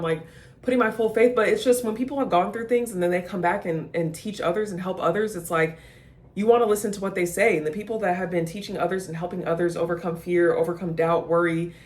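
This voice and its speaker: Halting, soul-searching vlogger talking to camera. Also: mid-range voice. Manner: rambling, halting, self-questioning; soft-spoken confessional tone, near tears. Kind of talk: unscripted emotional vlog rant.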